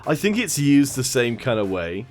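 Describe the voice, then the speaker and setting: A man's voice: mid-range voice, very animated, moderate pace. Joking male stream caster over faint music. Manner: joking, self-mocking, greets chat by name. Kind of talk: casual stream commentary.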